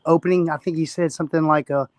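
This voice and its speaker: A man's voice: a little high, fairly even intonation, fast talker, no echo. A man joining a livestream in casual chat, amused and appreciative. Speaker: guest on the stream.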